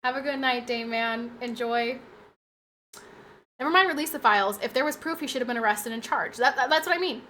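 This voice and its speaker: Speaking briskly in a fairly high, bright, forceful voice, this young adult woman chats with her viewers during a casual home live stream. She addresses chat directly, full of fillers and restarts, over a recording with a little hiss or hum.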